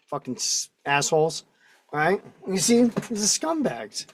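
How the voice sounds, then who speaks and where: A man's voice: sits high, sing-song, a little slow, no room sound, clean studio sound. A man hosting a casual online chat, reading notes aloud and riffing on them with indignation. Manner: rambling, reads text aloud then riffs indignantly. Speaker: host.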